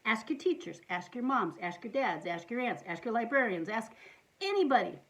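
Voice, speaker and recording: A woman reads a picture book aloud to children, her voice lively and swooping. She sits a little high in pitch and adds playful asides between the lines. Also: moderate pace, highs cut off. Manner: animated, playful, adds asides to young listeners. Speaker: storytime reader.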